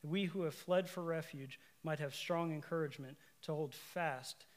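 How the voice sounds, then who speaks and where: A man with a somewhat high voice delivers a sermon to a congregation. He talks in a conversational way, breaks off for asides and corrections, and builds to emphatic, repeated lines. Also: steady tone, normal speed. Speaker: preacher.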